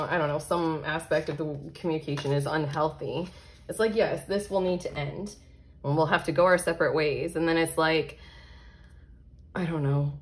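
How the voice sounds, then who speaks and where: A woman giving a casual tarot card reading, excitable and chatty, laughing often and filling her talk with "like" and "you know". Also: low voice, a little hiss or hum. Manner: excitable, giggly, chatty with many fillers. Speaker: tarot reader.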